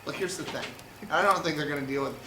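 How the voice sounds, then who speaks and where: A man, a comedian guest, retelling a movie plot in an animated, rambling way with deadpan asides, in an echoey room. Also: fairly high pitch, fast, recorded from a distance, background noise.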